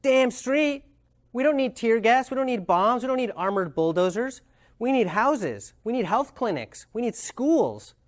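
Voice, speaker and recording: A man voicing a furious man in a refugee camp who shouts accusations. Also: extremely high pitch, sing-song, takes it slowly, hardly any pauses, pitched above the performer's own voice, heavily acted. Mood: angry shouting.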